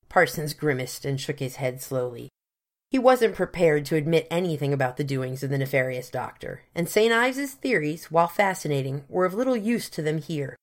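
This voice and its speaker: A woman narrating a novel in a measured, dryly wry storytelling manner. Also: deep voice, expressive. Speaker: audiobook narrator. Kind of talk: scripted narration.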